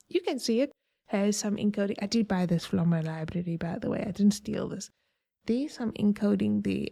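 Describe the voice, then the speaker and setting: A woman's voice: medium pitch, creaky, warm tone, dry recording, clean studio sound. A woman hosting a podcast, explaining ideas in a chatty, digressive way with homely analogies. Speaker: podcast host. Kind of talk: casual explanatory talk.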